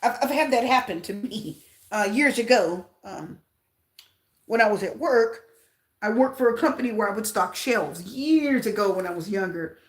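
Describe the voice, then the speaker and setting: A woman's voice: medium pitch, expressive, normal speed. A woman doing a casual tarot reading for her viewers, chatty and repetitive, often asking them questions. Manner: chatty, repeats herself, asks viewers questions. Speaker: tarot reader. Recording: roomy echo.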